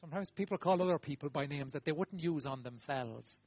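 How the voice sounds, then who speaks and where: A man preaching a sermon, talking emphatically and swinging between loud exclaiming and quiet asides. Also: a little high, a little fast, no room sound. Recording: dull lo-fi dry recording.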